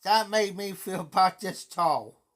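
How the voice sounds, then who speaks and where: A man's voice: sits high, measured pace, fairly bright tone. A middle-aged man live-streaming, telling a casual story in a rambling way that keeps circling back and repeating itself. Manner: rambling, repeats himself often.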